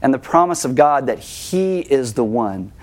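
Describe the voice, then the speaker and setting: A male pastor preaches in an easy, conversational way with mid-range pitch. He jokes at his own expense, then slows down to land his points. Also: animated, darkish tone. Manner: conversational, self-deprecating, slows for emphasis. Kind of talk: sermon.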